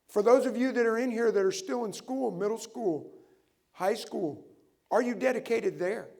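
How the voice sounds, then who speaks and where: A middle-aged pastor delivers an animated sermon in a fairly high voice. He keeps firing rhetorical questions at his listeners as he preaches. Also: normal speed, gravelly.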